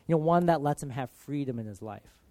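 Earnest and filler-heavy, this preacher's conversational sermon shifts between loud emphasis and quiet, hushed passages. He has a medium-pitched voice with lively intonation and a brisk pace, recorded with no room sound.

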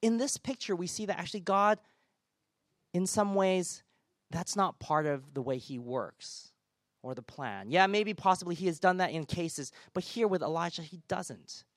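A man's voice: high voice, expressive, unhurried, no room sound, studio quality. A man giving a conversational sermon as a pastor, informal with self-deprecating humor.

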